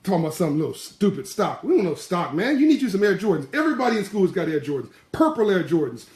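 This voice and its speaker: A man voicing teasing teenage boys who mock a classmate in loud, slangy talk. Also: sits high, very animated, fast, roomy sound, voice pushed up.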